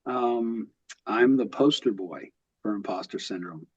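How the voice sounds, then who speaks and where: A man's voice: fairly low pitch, lively intonation, unhurried, husky, no echo. Man, 50s, light West Texas accent, reflective interview guest, dry dull sound. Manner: thoughtful, with frequent ums and restarts. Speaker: podcast guest. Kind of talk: casual interview. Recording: dull lo-fi audio.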